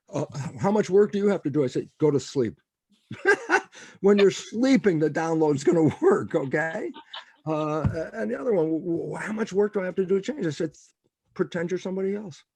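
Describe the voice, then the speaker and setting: Gravelly, animated older man telling stories. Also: fairly high pitch, no echo. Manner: animated storytelling, acts out quoted dialogue. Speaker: guest biologist. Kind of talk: interview conversation.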